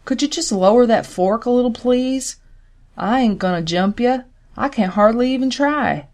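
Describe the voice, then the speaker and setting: A woman's voice: a little high, normal speed, darkish tone, voice pushed up, natural voice. A woman voicing a wounded young male Confederate soldier who pleads in folksy country speech, in an audiobook. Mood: pleading. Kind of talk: audiobook character reading.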